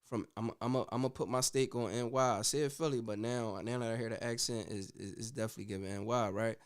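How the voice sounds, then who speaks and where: A man's voice: mid-range voice, fast talker, clean tone. Slangy man hosting a commentary talk. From United States. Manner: animated, slangy, repeats "you know what I'm saying". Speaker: host. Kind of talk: casual commentary on a video.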